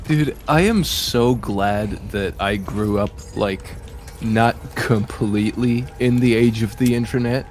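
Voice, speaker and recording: A young man chatting casually during a game stream, relaxed and wry. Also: on the low side, slow, a little hiss or hum. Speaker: co-player. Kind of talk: casual gaming chat.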